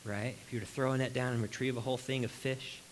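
A male pastor delivers an animated sermon to his congregation, his voice sitting at an ordinary middle pitch. He leans on rhetorical questions and briefly acts out the people he describes. A faint hiss runs under the recording. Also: fast talker, poor audio. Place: room with a congregation.

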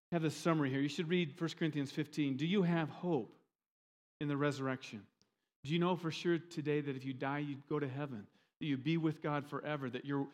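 A man preaching a sermon in a fairly high voice. He drives his points home with emphatic questions, and his pitch rises and falls dramatically. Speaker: pastor.

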